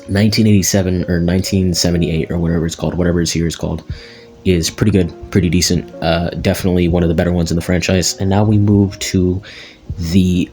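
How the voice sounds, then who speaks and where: Low-voiced casual young male reviewer. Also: darkish tone. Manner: rambling, casual, frequent fillers and restarts. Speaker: movie reviewer. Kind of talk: casual spoken film review.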